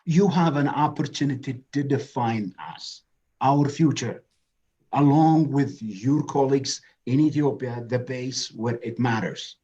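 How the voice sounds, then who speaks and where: A man's voice: medium pitch, unhurried, warm tone, husky, muffled recording. A man moderating a webinar, giving passionate opening remarks that rise to emphatic declarations.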